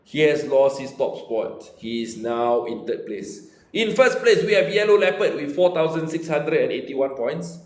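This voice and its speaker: Lively, teasing Singaporean tutor, roomy sound. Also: male voice, fairly high pitch, normal speed. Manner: playful, teasing, chatty. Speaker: maths tutor. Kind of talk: live online maths lesson with a quiz game.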